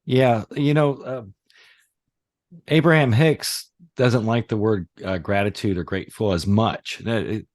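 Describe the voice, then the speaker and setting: A middle-aged man talking casually on a podcast as host, rambling and animated, with many fillers and restarts. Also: fairly low pitch, a little slow, dry recording. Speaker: podcast host, reality surfing teacher.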